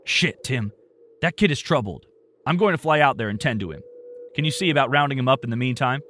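A man voicing an agitated, erratic older uncle who speaks loudly and urgently. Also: mid-range voice, animated, brisk, a little hiss or hum, close to an everyday voice. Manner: loud, urgent, trailing into whispers.

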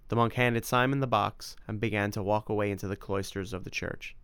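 A man narrating an adventure story as an audiobook, in an even storytelling manner. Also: fairly low pitch, fairly quick, few pauses, clean tone, no echo. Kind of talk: scripted narration.

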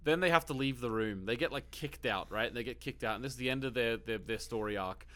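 A man's voice: mid-range voice, sharp tone. Australian man, casual podcast co-host. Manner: laughing, storytelling, quick asides. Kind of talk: casual movie podcast chat.

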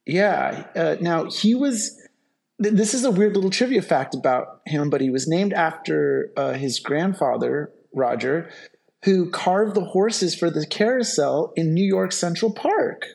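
A man's voice: fairly high pitch, expressive, measured pace, vocal fry, darkish tone. A man co-hosting a casual podcast, enthusiastically reading out actor trivia. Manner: enthusiastic, reads trivia aloud. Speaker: podcast co-host.

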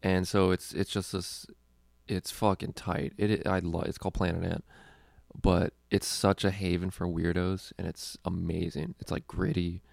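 A man's voice: sits low, flat delivery, normal speed, creaky, darkish tone, no echo, studio quality. A young adult man, a comedian hosting a podcast, telling stories in a rambling, profane way and laughing often. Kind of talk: casual podcast chat.

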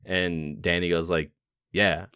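A man's voice: low voice, fairly bright tone, clear, resonant tone, dry recording, clean studio sound. A man co-hosting a podcast, chatting casually about a movie, quoting lines with plenty of swearing. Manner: swearing, quotes movie lines, quick bursts. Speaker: podcast co-host. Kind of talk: casual movie-review chat.

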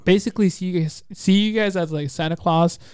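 A man's voice: high voice, fairly quick, darkish tone, smooth, no room sound, studio quality. A young man hosting a podcast, chatting casually in a rambling way and laughing often, on a headset mic. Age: young adult. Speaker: podcast host. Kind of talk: casual chat.

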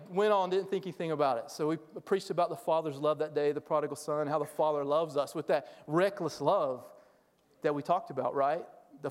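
In a church sanctuary with the acoustics of a large hall, a guest missionary preaches a sermon, his voice pitched a little high. He's an animated storyteller, acting out the voices of the people in his stories.

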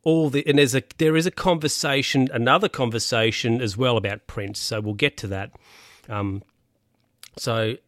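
A man's voice: mid-range voice, fairly bright tone, no echo, studio quality. A man casually recapping a TV episode, rambling, with lots of fillers and restarts. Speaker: podcast host recapping a TV episode. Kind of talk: casual chat.

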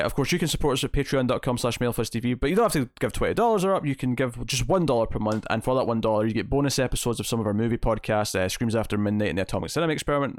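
A man with a mid-range voice hosts a podcast, chatting casually about a film. He rambles, restarting often and using plenty of fillers. The studio-quality recording has no room sound.

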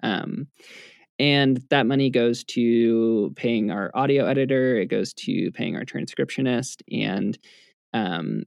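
A man's voice: medium pitch, gravelly, a little mellow, no echo, studio quality. A man co-hosting a podcast, wrapping up the episode casually with lots of fillers and restarts. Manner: rambling, with frequent fillers and restarts. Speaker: podcast co-host.

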